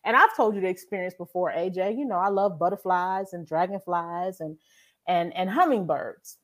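A woman co-hosting a podcast, telling a faith testimony in a casual, animated way and acting out her own prayers as she goes. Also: fairly low pitch, moderate pace. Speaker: podcast co-host.

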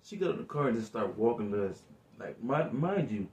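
A man's voice: mid-range voice, sing-song, fairly quick, recorded from a distance, a crowd in the background. A young man telling a story in casual chat as a vlog co-host, laid back and chuckling, raising his voice when he quotes someone. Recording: echoey room.

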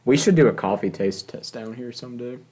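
A young man co-hosting a casual, crude podcast chat, joking loudly and laughing often. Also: mid-range voice, brisk. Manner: loud, joking, laughs often, puts on silly voices. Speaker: podcast co-host.

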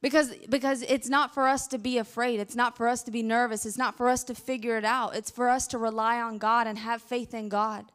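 Young woman preacher, high clear voice, animated storyteller. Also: fairly quick, hardly any pauses. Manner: animated, acts out frantic praying and stories. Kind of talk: sermon.

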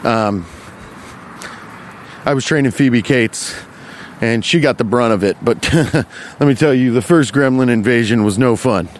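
A man hosting a comedy podcast, rambling through an improvised, profane, deadpan bit while walking along a street. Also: mid-range voice, measured pace, pauses often. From Cincinnati, US. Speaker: podcast host. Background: faint traffic.

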